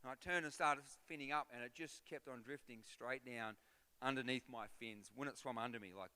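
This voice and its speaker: A middle-aged man preaching a sermon as a guest pastor, telling a story with animation and building to loud, rhythmic exhortation. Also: mid-range voice, a little fast, smooth. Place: church auditorium. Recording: reverberant church hall.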